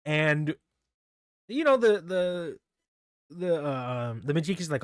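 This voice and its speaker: A man's voice: a little high, lively intonation, slow, no echo, clean studio sound. Giggly rambling man recapping manga. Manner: rambling, giggly, stumbles over names. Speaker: manga reviewer. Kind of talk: casual solo manga recap.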